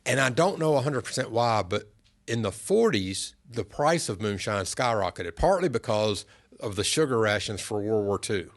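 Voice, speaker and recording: A middle-aged man, a podcast guest, telling family stories in an earnest, unhurried way. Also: on the low side, animated. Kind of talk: casual storytelling interview.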